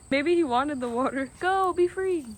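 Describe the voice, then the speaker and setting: A young woman talking in a casual vlog, excitable and gushing, with lots of "like" and "literally". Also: high voice, a little slow. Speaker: vlogger.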